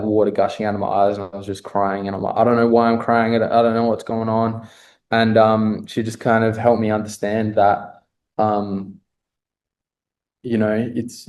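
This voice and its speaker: Low, flat-voiced man telling his story. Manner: reflective and earnest, many fillers. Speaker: guest, fitness coach. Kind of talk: podcast interview storytelling.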